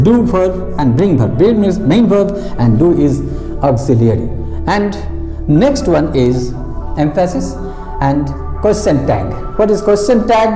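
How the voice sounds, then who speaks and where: A man teaching English grammar, repeating each example slowly and explaining in plain, patient steps. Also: sits high, sing-song. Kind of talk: slow classroom-style grammar lesson. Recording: roomy echo with music behind. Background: new-age music.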